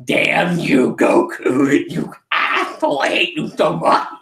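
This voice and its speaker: A man's voice: a little high, wildly swooping pitch, slow, creaky, fairly bright tone, heavily acted. A man voicing a spiteful alien tyrant who spits out resentful curses. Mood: seething. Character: spiteful alien tyrant, male, beaten and seething. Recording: roomy echo.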